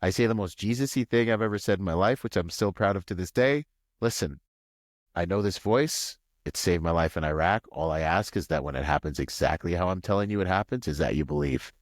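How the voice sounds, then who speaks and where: A man from Washington State, a podcast guest, telling a long personal story in a rambling, animated way full of "like" and "you know.". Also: brisk, no room sound, studio quality. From Washington State, USA. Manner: acts out quoted voices with pitch jumps. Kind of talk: casual storytelling interview.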